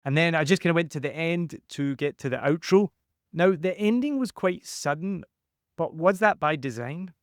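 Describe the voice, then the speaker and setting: A man hosting a podcast who coaches his guest in a lively, conversational way and acts out quotes with added pitch. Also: moderate pace, no echo, studio quality.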